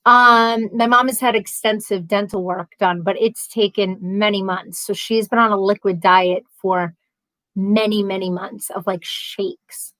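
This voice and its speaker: A woman with a mid-range voice, speaking a little slowly, hosts an informal live stream on a rough recording with no echo. She reads viewer comments out loud and answers them in a chatty, meandering way. Animated stories and bursts of laughter fill her talk.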